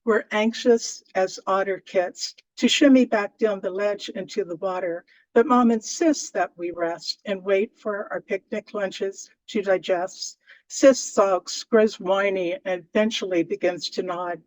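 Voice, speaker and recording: A woman reading her poem aloud in a measured way, with deliberate pauses. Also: mid-range voice, darkish tone, no echo, rough recording. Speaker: poet. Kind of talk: poetry reading.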